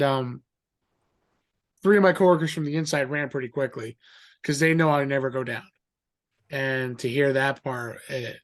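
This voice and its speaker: A middle-aged man telling a story in a rambling, animated way, acting out the voices of others. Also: mid-range voice. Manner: animated, acts out quoted voices; rambling with fillers and restarts. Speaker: guest. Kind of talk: casual storytelling.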